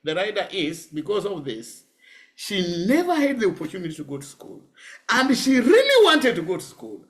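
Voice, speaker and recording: A middle-aged Kenyan man, appearing as a guest lecturer, gives a public lecture full of lively personal stories. He laughs often and occasionally slips into Swahili, speaking at normal speed in a voice that sits high.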